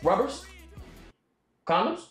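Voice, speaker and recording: A man livestreaming, ranting loudly and profanely in casual talk, joking and laughing. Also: high-pitched, big pitch swings, slow pace, roomy sound, faint music behind. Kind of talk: casual stream rant.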